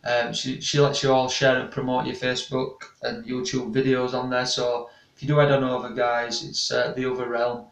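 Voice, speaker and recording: Chatty man, gravelly voice. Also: medium pitch, monotone, normal speed, hardly any pauses, a bit bright. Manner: rambling, chatty, restarts often. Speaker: paranormal investigator and channel host. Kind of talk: casual live-stream chat reading comments. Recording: echoey room, distant mic.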